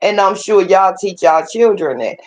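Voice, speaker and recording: Co-host, casual chat, frank, emphatic, profane, middle pitch. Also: lively intonation, moderate pace, slight background noise.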